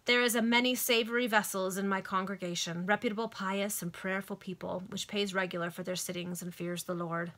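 A woman playing a demure middle-aged chapel preacher who talks of his flock in sanctimonious, old-fashioned phrases. The voice is bright and clear. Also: mid-range voice, steady tone, a little fast, few pauses, lightly acted.

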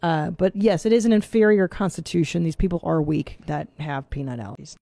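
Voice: mid-range voice, brisk, vocal fry, dark tone, no room sound. A speaker making an opinionated argument during casual banter.

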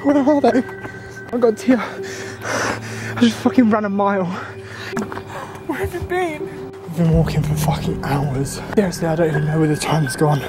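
A young woman chatting on a night walk outdoors, excitable and giggly, swearing and shrieking now and then. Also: medium pitch, moderate pace. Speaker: friend filming a night walk. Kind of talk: casual chat. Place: outdoors at night in a dark wood. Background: loud music.

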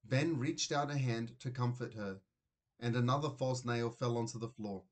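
A man narrating a children's storybook aloud in an expressive reading voice. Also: mid-range voice, normal speed. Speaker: reader.

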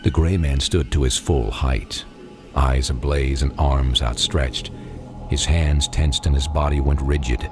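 A man narrating a dark audiobook in measured, dramatic storytelling. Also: extremely low pitch, fairly even intonation. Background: music.

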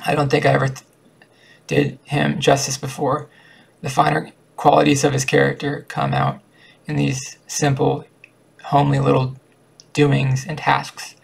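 A talkative older spinster from a storybook, fussing and proud, read aloud by a man. The voice is gravelly and husky with a level, unvaried pitch. It stays plain rather than fully acted. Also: monotone, unhurried, full character voice, poor audio. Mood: chattering.

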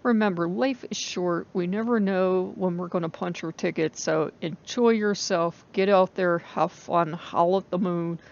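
A woman's voice: lowish voice, unhurried, creaky, few pauses, a little mellow. A woman who runs a pagan vlog, chatting casually and rambling as she talks to her viewers, with frequent laughs. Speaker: pagan vlogger. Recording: dull lo-fi recording.

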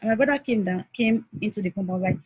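A young Nigerian woman with a husky voice, heatedly retelling a personal story with many restarts. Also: medium pitch, fast, a little mellow, no echo. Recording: dull lo-fi recording.

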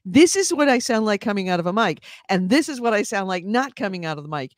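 A woman co-hosting a casual podcast chat, talking in an animated, mock-outraged way. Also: mid-range voice, quick pace, no room sound, studio quality. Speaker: podcast co-host.

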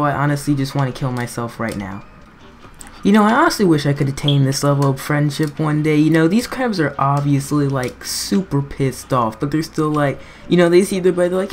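Woman with a low voice rambling thru a game, jokes at herself, yelps a lot, faint hum behind. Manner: rambling, self-mocking, bursts into frantic yelps. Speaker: gaming commentator. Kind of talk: gameplay commentary.

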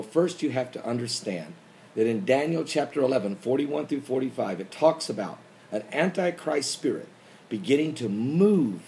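A man hosting a prophecy commentary show, preaching with emphasis and bursting into shouts. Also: medium pitch, slight background noise.

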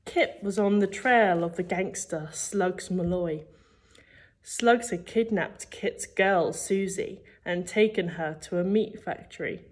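A woman's voice: lowish voice, takes it slowly. A woman teacher reading a children's book aloud, telling the story expressively. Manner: expressive storytelling, acting out the characters. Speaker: primary school teacher.

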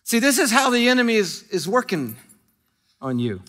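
A man's voice: high-pitched, big pitch swings, moderate pace, a bit bright. A man preaching a sermon as a pastor, in a conversational, humorous storytelling way with frequent restarts.

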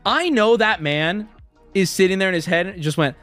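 A man's voice: high voice, expressive, normal speed, a bit bright, soft background music. A male streamer hosting his show and telling a story in casual, profane style, laughing often as he talks. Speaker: streamer host.

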